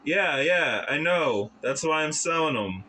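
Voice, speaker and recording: A man's voice: on the high side, expressive, unhurried, pushed and bright, a little hiss or hum, pitched above the performer's own voice. A man voicing an impatient, grumpy old market merchant who snaps and shoos people away. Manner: snappy, dismissive, raised voice. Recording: background music under the voice.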